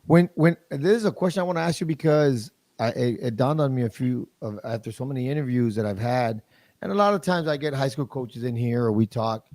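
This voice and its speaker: A man hosting an interview, his voice mellow and warm. The sound is dry and close, and he asks his questions curiously, stumbling over their starts. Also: mid-range voice, expressive, brisk, no room sound. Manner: curious, with stammered restarts. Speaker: podcast host. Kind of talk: casual interview talk.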